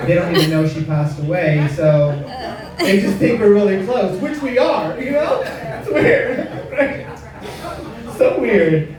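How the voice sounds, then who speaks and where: High-voiced man doing stand-up in an echoey club. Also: a little slow. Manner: self-deprecating, chatty asides to the crowd. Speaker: stand-up comedian. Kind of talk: stand-up comedy set. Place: comedy club stage. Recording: echoey club room, mic at a distance.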